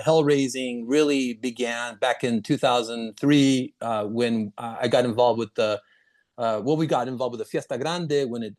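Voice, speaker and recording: Halting man hosting a casual interview. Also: mid-range voice, a little mellow. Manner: halting, many restarts and laughs. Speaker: podcast host.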